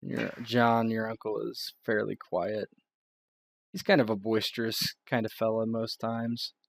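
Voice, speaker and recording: A man narrating a tabletop game as game master, with many pauses and fillers. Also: fairly low pitch, level tone, creaky. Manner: hesitant, filler-heavy, descriptive.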